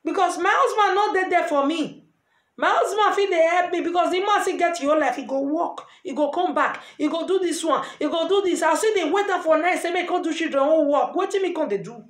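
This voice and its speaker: High-voiced woman with a Nigerian Pidgin accent. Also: fairly quick. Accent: Nigerian Pidgin English. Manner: earnest, preachy, lively. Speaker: vlogger giving advice. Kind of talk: casual advice monologue. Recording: echoey room.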